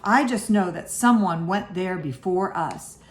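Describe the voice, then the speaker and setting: A woman's voice: fairly low pitch, measured pace, natural voice. A woman voicing a thoughtful, puzzled young boy in a storybook reading. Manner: questioning.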